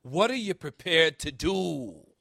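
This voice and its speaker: A man voicing a blunt, menacing older Irish-American police officer, delivering the lines with forceful emphasis. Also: on the high side, animated, measured pace, no echo, clean studio sound.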